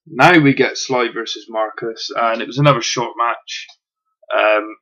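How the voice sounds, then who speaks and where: Gravelly-voiced man. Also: medium pitch, pushed and bright, lo-fi sound. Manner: chatty, frequent ums, occasional swearing. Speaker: wrestling reviewer. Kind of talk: casual spoken review.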